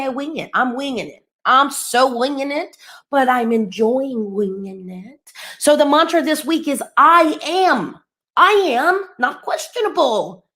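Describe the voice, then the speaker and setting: Animated woman giving a spiritual message. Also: on the high side. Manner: animated, rambling, laughs often. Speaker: spiritual channeler and course host. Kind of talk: live-streamed spiritual message.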